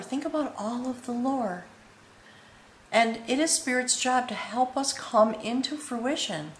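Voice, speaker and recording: A woman's voice: medium pitch, a little hiss or hum. A woman giving a spoken tarot reading to viewers. She talks in a meandering, earnest way, often checking in with "okay?", and sounds a little choked up with emotion. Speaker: tarot reader. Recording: echoey room with faint ambience.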